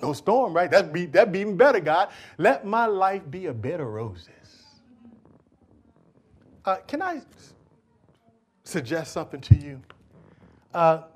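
A man preaching a sermon as pastor, building to loud, pleading calls and then dropping to quiet asides to the congregation. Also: sits high, breathy edge. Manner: preaching with rising shouted appeals and sudden drops to quiet asides.

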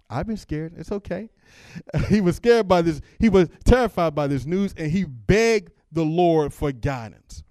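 A man preaching with a slightly high voice. He moves between easy, conversational asides and loud, fervent scripture reading. The sound is close and dry, with no room echo. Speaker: pastor. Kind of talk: sermon.

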